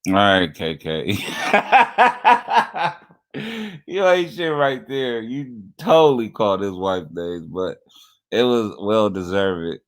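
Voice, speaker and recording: A man's voice: on the low side, animated, unhurried. A man giving sarcastic, taunting reaction commentary on a livestream clip. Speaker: stream commentator.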